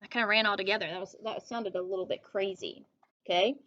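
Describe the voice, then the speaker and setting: A woman teacher giving a grammar lesson to young children, speaking slowly and clearly and checking in with "okay?". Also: mid-range voice, fairly even intonation, fairly bright tone, no room sound. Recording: dull lo-fi recording.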